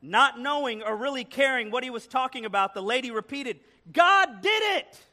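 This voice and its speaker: A man's voice: very high voice, steady tone, a little fast, pushed and bright. A man preaching a sermon as a guest preacher in a church, telling a story with playful joking asides. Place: church sanctuary.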